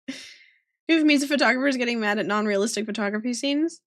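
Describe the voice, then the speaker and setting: A woman's voice: a little high, fast, no echo, studio quality. A young woman from the American South with a slight Southern accent and a touch of New York, chatting casually and giggling with viewers while drawing on a livestream. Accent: slight Southern US with some New York vowels. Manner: giggly, laughs often, chatty. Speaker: streamer drawing art live.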